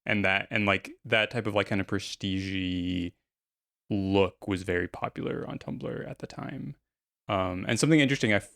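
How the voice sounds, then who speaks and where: Man, podcast co-host; hesitant, filler-heavy, low gravelly voice, dry mic. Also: no echo. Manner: hesitant, lots of fillers and restarts. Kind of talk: casual podcast chat.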